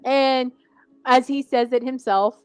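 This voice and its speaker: A woman co-hosting a casual TV recap podcast, rambling and animated, saying "like" constantly and laughing often. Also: sits high, slow, smooth, no room sound. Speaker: podcast co-host.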